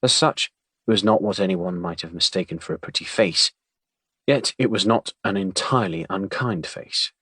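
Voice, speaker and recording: Male audiobook narrator, low, wry, dry studio sound. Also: bright, forceful tone, husky, no room sound. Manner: measured, wry storytelling.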